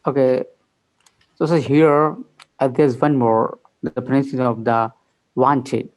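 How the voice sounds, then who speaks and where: A man's voice: mid-range voice, little pitch movement, unhurried, a little mellow, rough recording. A man asking a question in an online class, searching for his words as he goes. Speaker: student.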